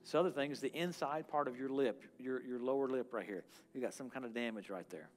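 A man preaching at a church service as a guest minister. His delivery is animated and charismatic, jumping from loud exclamations to quiet, murmured prayer. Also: mid-range voice, fast.

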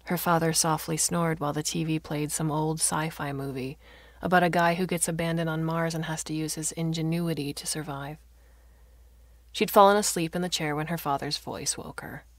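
Low, creaky woman narrating a story. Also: steady tone, dry recording. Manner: measured storytelling with voiced dialogue. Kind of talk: scripted narration.

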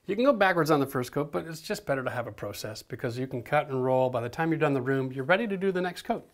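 A middle-aged man teaching a hands-on painting lesson in an energetic, coaching way, checking in often with "okay?". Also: medium pitch, fast talker. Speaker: home renovation instructor.

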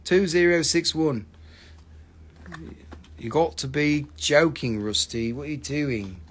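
A man hosts a live mineral sale, chatting casually with lots of swearing and rambling jokes. His voice is fairly high and a bit bright, and he takes his time.

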